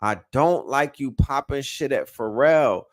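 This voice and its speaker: Excitable man reacting to rap. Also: medium pitch, a little slow. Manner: excitable, loud bursts, repeats lyrics, slangy. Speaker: music reaction streamer. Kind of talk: live stream reaction commentary.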